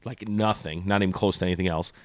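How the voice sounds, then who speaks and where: On a studio mic with a dry sound, a low-voiced man co-hosts a podcast, telling a story quickly in casual chat. He's animated and acts out the people in it.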